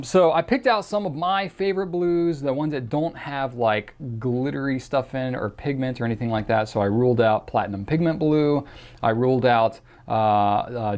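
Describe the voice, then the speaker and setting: A man's voice: medium pitch, a little mellow. Chatty man answering viewer questions. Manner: chatty, casual, with many fillers and restarts; reads out a viewer's question in a mock accent. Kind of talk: casual chat.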